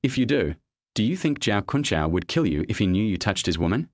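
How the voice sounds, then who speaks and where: A man's voice: fairly low pitch, sing-song, a little fast, dry recording, clean studio sound. A man voicing a scheming, contemptuous young man in a narrated web comic recap, taunting and sneering.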